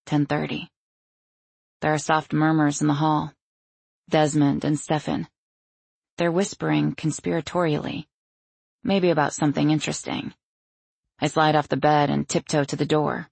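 A woman narrates a novel in the first person, wry and anxious. Her voice is gravelly and a touch husky, recorded close on a studio mic in a dry room. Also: deep voice, little pitch movement, normal speed, long pauses, darkish tone, dry recording. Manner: wry, anxious inner monologue. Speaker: audiobook narrator.

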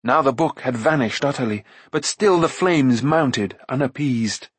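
Male audiobook narrator, mid pitch, slightly husky, dry close sound, measured fantasy storytelling. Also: dry recording.

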